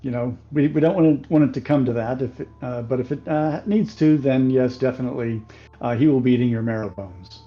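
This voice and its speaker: A man playing a tabletop game, talking in a halting, stumbling way. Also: medium pitch, highs cut off, faint music behind. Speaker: player. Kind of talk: casual tabletop play.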